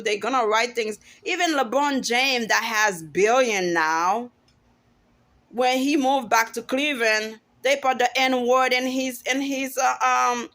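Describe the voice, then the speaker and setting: A woman's voice: a little high, fairly bright tone. A woman in her forties giving an emphatic, outspoken opinion monologue to camera, often restarting her sentences as she goes. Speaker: vlogger.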